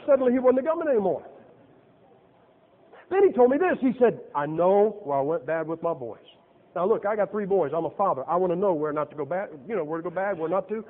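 A middle-aged male preacher with a fairly high voice that swoops up and down as he jokes and fires off rhetorical questions. His folksy sermon comes through a tinny, phone-like recording. A long reverb trails every line. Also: expressive, fast talker. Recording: tinny, echoey church recording.

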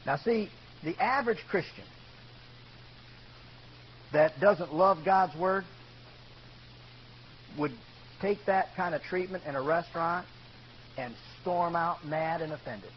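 A male pastor preaching emphatically, calling out "amen" to the congregation and swinging from loud to hushed. The recording is dull and lo-fi, with a faint hum. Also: a little high, measured pace, long pauses. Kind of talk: sermon.

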